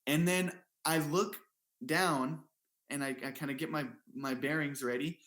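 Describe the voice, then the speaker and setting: A man's voice: a little high, steady tone, unhurried, a bit bright. A man speaking as an interview guest, telling a personal story in an earnest, casual way with many fillers and restarts. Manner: earnest, repeats himself, lots of fillers. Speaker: guest athlete. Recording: roomy echo.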